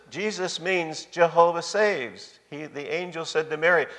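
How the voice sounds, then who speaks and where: A man's voice: on the high side, moderate pace, hardly any pauses, fairly bright tone. Emphatic preacher man, long hall reverb. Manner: emphatic, addresses the congregation directly. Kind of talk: sermon.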